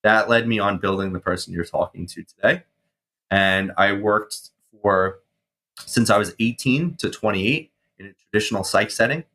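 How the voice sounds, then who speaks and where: A man in his thirties, a guest on an interview show, telling his story casually with swearing and animated reenactments of his past self. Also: on the low side, moderate pace. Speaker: guest, mindset coach and firefighter.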